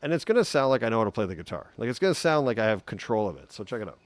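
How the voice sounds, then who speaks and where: A man giving a relaxed, chatty guitar lesson on a live stream, humming note sounds as he explains. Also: lowish voice, rapid-fire. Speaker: guitar teacher.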